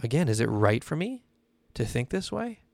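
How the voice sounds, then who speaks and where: A man's voice: mid-range voice, very animated, normal speed, creaky, no echo. A man hosting a podcast, talking through a Bible passage in a casual teaching style, often checking in with "right?". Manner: conversational, often adds "right?". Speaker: podcast host.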